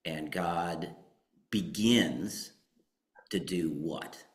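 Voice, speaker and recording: A man with a very deep voice offers a thought over a video call. He talks slowly and deliberately and muses as he goes. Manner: slow, deliberate, philosophical. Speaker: participant. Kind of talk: discussion contribution.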